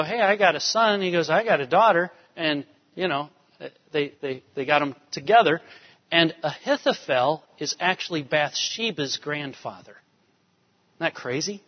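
Man, high pitch, pastor delivering an emphatic sermon, dull recording in a large church hall. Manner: emphatic preaching, rising to urgent peaks. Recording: dull sound with long hall reverb.

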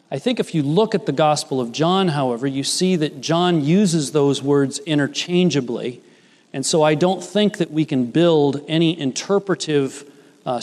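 Earnest man preaching in a reverberant hall. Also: a little mellow. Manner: earnest, rises in pitch when quoting Jesus and Peter. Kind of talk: sermon.

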